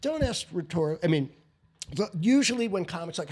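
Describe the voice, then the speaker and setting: Animated, blunt man with lively pitch. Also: moderate pace. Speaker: comedy show producer, veteran comedian. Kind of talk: casual podcast interview, giving advice.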